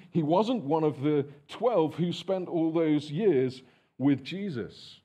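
A man preaching a sermon in church, earnest and measured, with frequent fillers and restarts. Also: fairly high pitch, dark tone, husky. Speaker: pastor.

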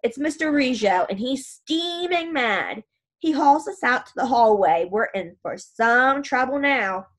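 A woman narrating an audiobook in an even, first-person storytelling manner. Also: high voice, measured pace.

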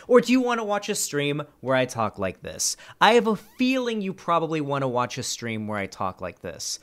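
A man's voice: on the high side, moderate pace, hardly any pauses. A young man streaming, reading online comments aloud and reacting with casual, sarcastic commentary and frequent swearing. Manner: sarcastic, animated, swears freely.

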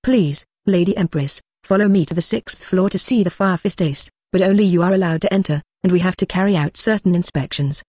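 A text-to-speech narrator reading the lines of a respectful male prison warden in its usual flat voice. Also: medium pitch, fairly quick, few pauses, dry recording, clean studio sound, natural voice. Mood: formal.

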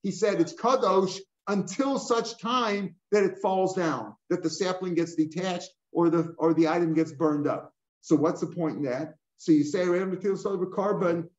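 An older man teaching a Talmud class line by line, animated and full of rhetorical questions, mixing in Hebrew and Aramaic terms. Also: sits high, moderate pace, hardly any pauses. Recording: echoey room, dull lo-fi sound.

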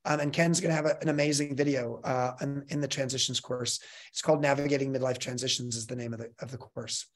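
A man hosting a live online fireside chat, upbeat and quick to laugh, moving the talk along with brisk announcements. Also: medium pitch, fairly even intonation. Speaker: host.

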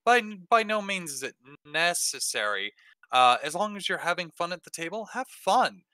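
A man's voice: sits high, big pitch swings, moderate pace, bright, forceful tone, dry recording. A man hosting a tabletop game workshop, answering questions casually with many hesitations and restarts. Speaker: dungeon master hosting a workshop. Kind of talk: casual Q&A talk.

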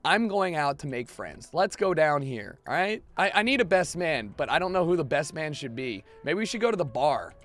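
A young man giving profane, excitable let's play commentary as a gaming video host, now and then bursting into shouts. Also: fairly high pitch, normal speed, hardly any pauses.

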